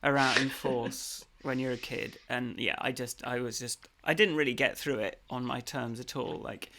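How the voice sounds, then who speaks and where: A man's voice: medium pitch, steady tone, normal speed, creaky, sharp tone. A man co-hosting a podcast, talking casually in a rambling, hesitant way with many fillers and restarts. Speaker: podcast co-host. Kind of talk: casual conversation.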